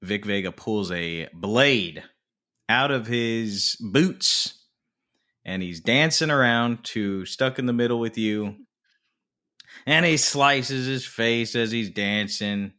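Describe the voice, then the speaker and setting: A man co-hosting a casual film podcast, retelling a movie scene in animated detail with plenty of swearing. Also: medium pitch, takes it slowly. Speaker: podcast co-host.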